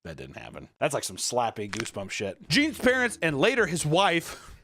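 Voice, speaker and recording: Animated joking man telling a creepy story. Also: on the high side, normal speed, slight background noise. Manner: profane, jokey, acts out voices. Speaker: podcast host. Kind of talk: comedic storytelling podcast.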